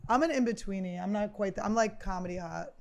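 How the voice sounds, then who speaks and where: A woman's voice: medium pitch, quick pace, a little mellow. Blunt, joking woman podcast host. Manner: blunt, self-deprecating, swears freely. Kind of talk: casual comedic chat. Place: podcast studio.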